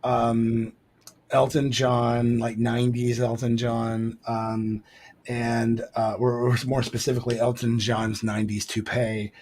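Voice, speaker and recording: A man co-hosting a podcast in loose, casual chat, his voice sitting at an ordinary middle pitch. He rambles, circling back with ums, uhs and restarts. He is heard over a remote call mic. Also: little pitch movement, unhurried, darkish tone, slight background noise. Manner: rambling, lots of fillers and restarts. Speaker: podcast co-host.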